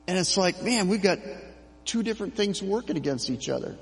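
A middle-aged man preaching a sermon as pastor, slow and emphatic with dramatic pauses. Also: high voice, animated, in a large hall.

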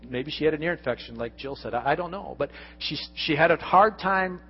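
Older male pastor, husky voice, earnest storyteller, muffled church recording with long echo. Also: a little high, animated, a little fast, faint music behind. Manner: earnest storytelling with many restarts. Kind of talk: sermon. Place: church sanctuary.

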